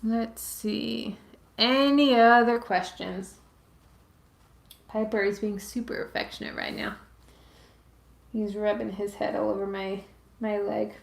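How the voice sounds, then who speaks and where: This Massachusetts woman in her late twenties rambles through viewer questions as host of a relaxed live Q&A from home, her pets nearby and her speech thick with "like" and "um." She talks slowly in a gravelly, medium-pitched voice with a steady tone, pausing often. The sound comes over a webcam or phone livestream from an echoey room.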